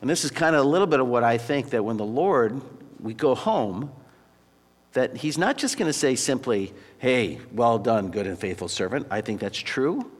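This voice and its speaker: A man's voice: medium pitch, sing-song, moderate pace. Male pastor preaching in a reverberant hall. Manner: storytelling, then quiet earnest prayer. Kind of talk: sermon.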